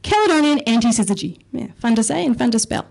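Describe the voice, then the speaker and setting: A woman's voice: a little high, quick pace, creaky, mellow, husky. A woman performing a self-mocking stand-up set on a comedy club stage, chatty and casually swearing. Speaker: stand-up comic and researcher.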